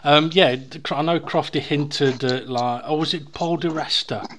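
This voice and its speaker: A man co-hosting a casual podcast, chatting in a relaxed way and teasing his co-host. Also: a little high, normal speed. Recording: clear background noise.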